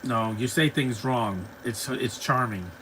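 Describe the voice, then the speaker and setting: A man's voice: mid-range voice, a little slow, sharp tone, slight background noise, poor audio. A man hosting a live stream, chatting casually and rambling as he reacts to a cartoon and answers his chat. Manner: chatty, rambling, laughs easily, talks back to chat.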